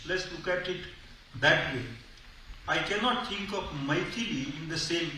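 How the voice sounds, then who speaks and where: High bright-voiced man in echoey hall. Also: unhurried. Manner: discursive, hesitant fillers, wry humor. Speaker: convention speaker. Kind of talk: public speech. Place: large convention hall. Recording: echoey hall, far from mic, faint noise.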